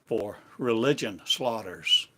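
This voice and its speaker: A man giving a slow, meditative sermon in halting, repetitive phrases, like an incantation. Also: fairly low pitch, expressive, background noise. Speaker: spiritual teacher.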